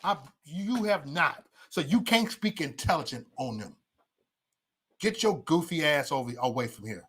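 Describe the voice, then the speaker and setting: Guy going off on his stream, cussing, repeating himself, stumbling over words, kinda high voice. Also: animated, moderate pace, fairly bright tone, husky. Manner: emphatic, repetitive, stammering restarts. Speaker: livestream host. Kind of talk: heated profane rant to viewers.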